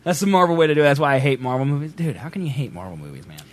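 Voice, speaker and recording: Animated joking young man. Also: mid-range voice, very fast. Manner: joking, animated, laughs often. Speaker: podcast co-host. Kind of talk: casual banter.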